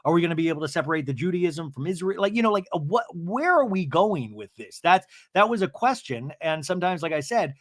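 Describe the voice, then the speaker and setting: A male podcast host recapping a reality show in a loose, rambling way, restarting sentences as he thinks aloud. His voice sits a bit high for a man. The recording is close and dry. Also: lively intonation, quick pace, hardly any pauses, a bit bright, no room sound. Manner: rambling, lots of you-knows and restarts.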